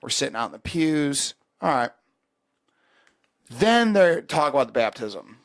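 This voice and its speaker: A man hosting a podcast, telling a story in casual chat, profane and animated, acting out the people in it. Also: mid-range voice, a little slow, dry recording. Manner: profane, animated storyteller who acts out voices. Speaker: podcast host.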